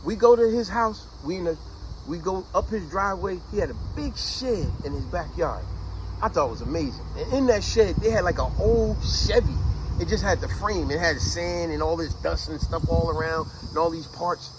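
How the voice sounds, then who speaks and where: Brief: middle-aged male vlogger, conversational and animated, slightly high voice, light background noise. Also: normal speed. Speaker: vlogger telling a childhood story. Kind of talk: casual storytelling to camera.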